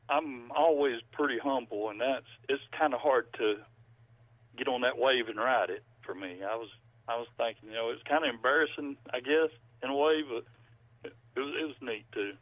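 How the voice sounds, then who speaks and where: This middle-aged musician guest from Georgia, US spins folksy, rambling stories during a casual phone interview on a landline telephone. His mid-range voice comes through a dry, tinny line with no room sound.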